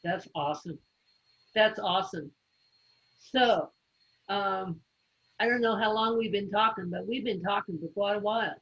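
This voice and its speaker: A woman hosting an interview over a video call, relaxed and full of fillers. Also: mid-range voice, a little slow, pauses often, breathy edge, dull audio. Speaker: interviewer host.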